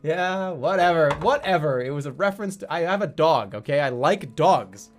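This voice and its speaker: A man's voice: on the high side, big pitch swings, brisk, soft background music. A man in his forties chatting casually on a live stream, joking and often laughing. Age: 40s. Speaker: livestreamer.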